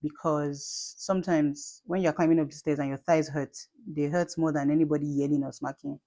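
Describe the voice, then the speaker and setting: A woman's voice: deep voice, steady tone, normal speed, warm tone. A woman in her late thirties with a Nigerian accent, talking to camera in a chatty, emphatic way with repeats and asides. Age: late 30s. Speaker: vlogger and mother. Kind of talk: casual talk to camera.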